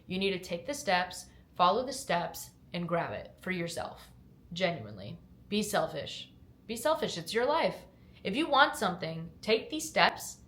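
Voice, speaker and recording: Chatty young woman with a faint twang. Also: on the low side. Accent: slight Southern twang mixed with upstate New York. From upstate New York, raised in Georgia. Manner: candid, chatty, hedging with fillers, upbeat when motivating. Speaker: fitness lifestyle vlogger. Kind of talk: casual Q&A chat to camera. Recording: echoey room.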